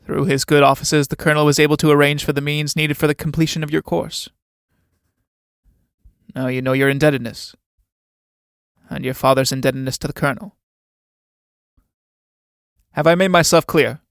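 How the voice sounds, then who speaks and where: A man reading a play aloud, playing an older, domineering military captain who speaks in a measured, condescending, commanding way. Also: fairly high pitch, fairly even intonation, vocal fry, fairly bright tone, smooth, no room sound, studio quality.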